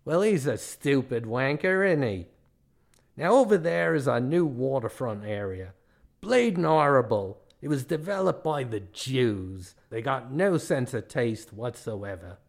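A man's voice: mid-range voice, expressive, unhurried, vocal fry. A man voicing a blunt, scornful Australian male tour guide, in a put-on Australian accent.

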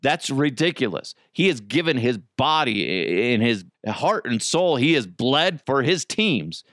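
A man's voice: mid-range voice, big pitch swings, measured pace, fairly bright tone, dry recording, studio quality. A man hosting a solo podcast, ranting profanely and mocking his targets. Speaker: podcast host.

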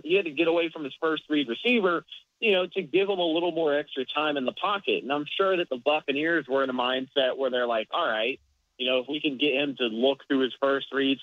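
A man's voice: on the high side, dry recording. A man co-hosting a casual sports podcast, explaining plays in an analytical way. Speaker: podcast co-host. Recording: dull lo-fi dry sound.

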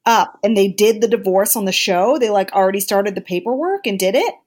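A woman co-hosting a podcast, reacting with shocked interjections and quick questions. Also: medium pitch, expressive, darkish tone. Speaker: podcast co-host. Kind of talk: casual chat.

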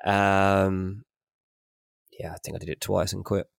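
A young British man with a lowish voice chats as a podcast co-host. He tells self-mocking stories in a loose, matey way, recorded close and dry with no room sound. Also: flat delivery, a little slow, creaky, no room sound. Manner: chatty anecdotal storytelling, matey and self-mocking. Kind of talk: casual chat.

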